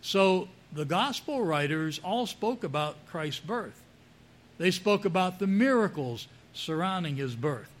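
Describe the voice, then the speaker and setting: A man's voice: high voice, expressive, a little slow. A man preaching a sermon, reading scripture verses aloud and commenting between them.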